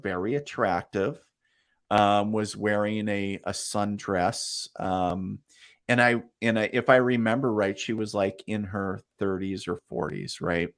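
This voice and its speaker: A man's voice: on the low side, a little slow. A man being interviewed as a psychic medium, telling stories casually and acting out what people said. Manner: animated storyteller, acts out quotes, laughs often.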